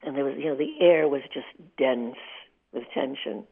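An older woman in her eighties tells emotional stories vividly in a candid interview. Her voice sits low and has a gravelly edge. It comes through a thin, tinny phone line. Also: lively intonation, moderate pace. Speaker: interview guest.

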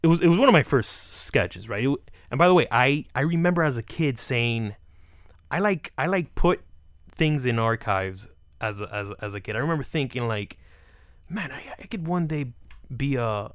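Animated man telling comic stories. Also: mid-range voice, fairly quick, no echo, clean studio sound. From South Florida. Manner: animated, acts out quotes with laughs. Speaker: comedian guest. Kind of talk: casual interview storytelling.

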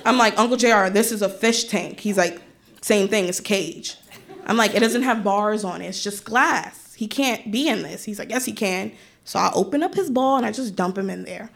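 A woman's voice: medium pitch, brisk, gravelly. A young woman telling a funny personal story on stage, acting out her relatives' voices with lots of energy. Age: young adult. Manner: animated, acts out relatives' voices.

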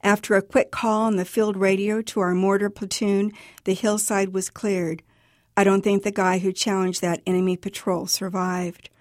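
A woman author reading her own personal account aloud for radio in a measured, even storytelling manner. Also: medium pitch, dry recording, clean studio sound.

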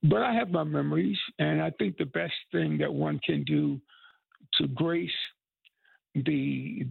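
An elderly man in his eighties, from North Carolina, speaks earnestly in an interview. His voice is heavily gravelly and husky, with a slightly raised pitch. It comes through a tinny, phone-like line. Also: no room sound. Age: 80s. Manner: earnest, heartfelt storytelling. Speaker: musician and activist.

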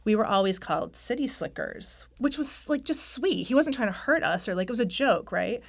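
A woman's voice: mid-range voice, expressive, fairly quick, gravelly. A woman from North Carolina who has lost her accent, a novelist telling stories in a candid, self-deprecating radio interview and laughing often. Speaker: novelist guest.

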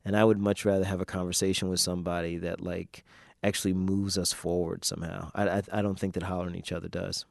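A man's voice: sits low, level tone, quick pace, creaky, no echo, studio quality. A man speaking in a casual interview, loose and hesitant, with many fillers and restarts. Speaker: poet and interview guest. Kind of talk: casual interview talk and poetry performance.

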